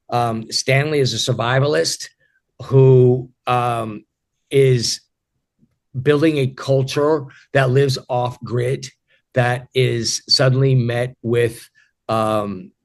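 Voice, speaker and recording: Reflective man in his fifties. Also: medium pitch. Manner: reflective, halting with repeated starts. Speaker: actor guest. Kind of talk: interview answers.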